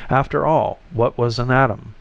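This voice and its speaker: A man reading a quiet detached man. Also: mid-range voice, vocal fry, natural voice. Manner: quiet, deliberate. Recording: slightly muffled lo-fi recording.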